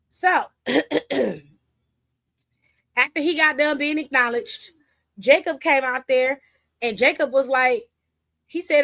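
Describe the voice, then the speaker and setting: Animated high-voiced woman recapping wrestling. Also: takes it slowly, gravelly, long pauses, no room sound, studio quality. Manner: animated storytelling, acting out quotes, laughing. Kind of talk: casual recap commentary.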